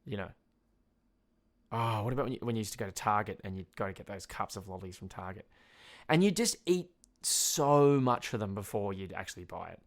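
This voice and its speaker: A man's voice: lowish voice, expressive, brisk. A young Australian man hosting a podcast, talking in a rambling, loose way, swearing often and laughing at his own stories. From Tasmania, Australia. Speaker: podcast host. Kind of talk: casual solo rant.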